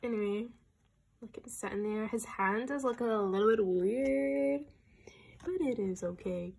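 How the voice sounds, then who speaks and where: A woman's voice: fairly high pitch, moderate pace, gravelly, breathy edge. A young woman gushing through an album unboxing at home, often dropping to a whisper. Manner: gushing, excitable, talks to her pets. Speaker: vlogger.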